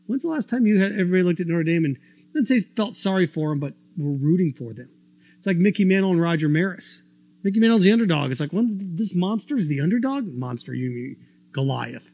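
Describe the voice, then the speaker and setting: A man's voice: high voice, creaky, breathy edge, muffled recording. A man hosting a sports talk show, delivering an opinionated monologue full of rhetorical questions. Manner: argumentative, rhetorical questions, animated.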